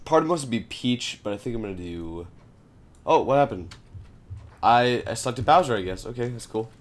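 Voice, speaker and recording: A young man chatting while gaming with friends, excitable and goofy, making silly noises and jokes. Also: medium pitch, normal speed. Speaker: gaming channel host. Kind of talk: casual gaming chat with friends.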